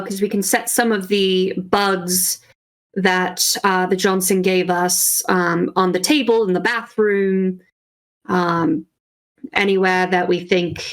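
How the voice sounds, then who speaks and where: Slow, measured woman player. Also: medium pitch. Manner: measured, hesitant planning. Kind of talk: tabletop play.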